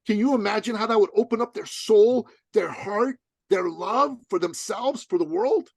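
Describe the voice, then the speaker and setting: Podcast guest, male, slightly high voice, emphatic and slangy, acts out dialogue, dry close sound. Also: normal speed, creaky, slightly rough, no echo. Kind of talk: animated storytelling.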